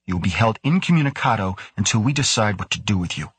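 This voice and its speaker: A man's voice: lowish voice, animated, fast talker, a bit bright, husky, dry recording, full character voice. A man voicing a stern zealous leader, snarling. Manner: snarling, accusing, commanding. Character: stern zealous male leader, harsh and commanding.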